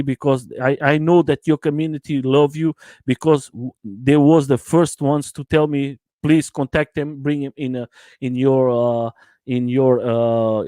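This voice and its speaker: A man's voice: mid-range voice, warm tone, no room sound. Eager livestream host man, dry sound. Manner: enthusiastic, repeats himself, broken English. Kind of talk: casual livestream chat.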